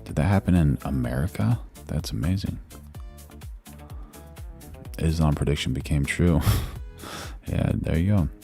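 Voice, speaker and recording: A man with an extremely deep, gravelly voice hosts a casual live stream. He reads chat messages aloud in a laid-back way, calling people bro. Faint music plays behind him. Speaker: livestream host.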